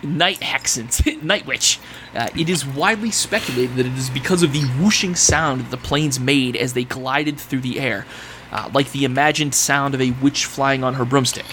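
A man's voice: medium pitch, normal speed, pushed and bright, a little hiss or hum. A man presenting history on a casual podcast, reading facts aloud and then riffing and laughing with friends.

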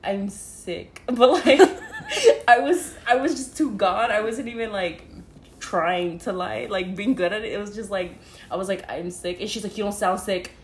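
A woman's voice: medium pitch, normal speed, slight background noise. A young woman telling a story casually, laughing often, saying "like" constantly and swearing freely. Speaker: podcast co-host. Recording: roomy echo.

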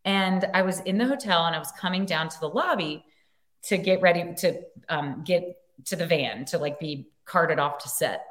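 Animated, giggly woman telling a story. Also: on the low side, moderate pace. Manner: animated, giggly, lots of "like" fillers. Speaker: podcast guest, actor. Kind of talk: casual storytelling chat.

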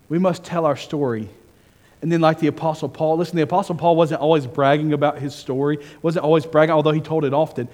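A man preaching a sermon as senior pastor, telling stories and swinging from hushed asides to fervent, raised delivery. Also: fairly high pitch, steady tone, fast talker, long reverb tail.

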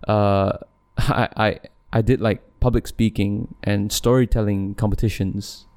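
Rambling young man, low voice. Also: steady tone, a little slow, a little mellow. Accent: neutral English with a light Malaysian tinge. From Malaysia. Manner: rambling, self-interrupting, laughs often. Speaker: podcast host. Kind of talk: casual solo podcast monologue.

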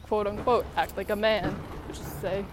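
A woman talking casually to her viewers while walking outdoors, out of breath and breathy, rambling with lots of fillers and little laughs. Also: medium pitch, steady tone, fairly quick, noisy background. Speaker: vlogger. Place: outdoors on a walk, birds about.

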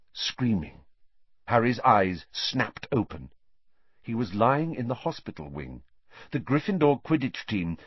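A man's voice: medium pitch, husky, dry recording. A man narrating a storybook audiobook dramatically, shifting his pace with the action. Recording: dull dry lo-fi sound.

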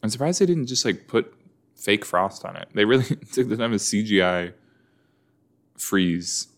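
A man's voice: on the low side, expressive, measured pace. A man chatting casually and joking as he reacts to a show, with many fillers. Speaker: reaction video host.

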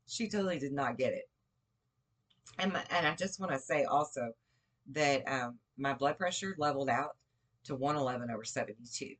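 A woman's voice: deep voice, fairly bright tone. Rambling woman telling a personal story. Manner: rambling, conversational, with many fillers and restarts. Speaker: podcast speaker.

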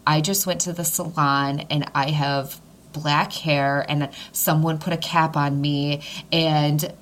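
A woman's voice: low voice, little pitch movement, slow pace, a bit bright, slight background noise. A woman co-hosting a podcast, chatting casually about motherhood with many fillers. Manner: talkative, with many fillers and laughs. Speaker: podcast co-host. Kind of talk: casual chat.

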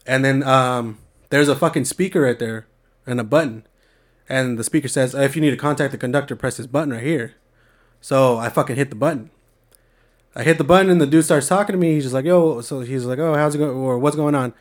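A young man from the San Francisco Bay Area spins a story in easygoing, slang-heavy talk, cursing often. His voice is medium-pitched and a little fast.

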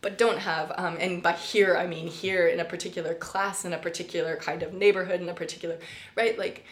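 A woman's voice: fairly low pitch, steady tone, fairly quick, reverberant. A middle-aged woman professor talking her students through a recorded lecture, conversational and thoughtful, with many fillers and restarts. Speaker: college professor.

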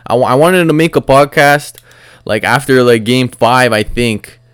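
Young male podcast host, smooth, dry close-mic voice, venting and swearing in a loose solo rant. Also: mid-range voice, normal speed, a bit bright, dry recording. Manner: frustrated, profane, rambling with filler words.

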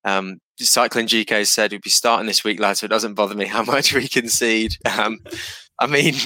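A man's voice: on the low side, fairly even intonation, normal speed, pushed and bright, no room sound. A man hosting a casual fantasy football podcast, chatty and teasing. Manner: chatty, teasing, frequent fillers. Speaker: podcast host.

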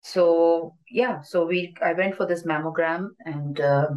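A woman's voice: lowish voice, steady tone, a little slow, a little mellow, low-quality recording. A woman in her forties, earnest and emotional, tells her personal story as an interview guest and slips into Hindi now and then. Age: 40s. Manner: earnest, mixes in Hindi phrases.

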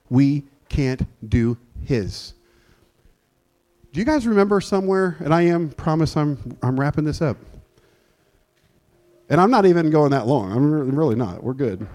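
High-voiced man preaching a sermon. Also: a little mellow. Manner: emphatic call-and-response preaching. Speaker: pastor.

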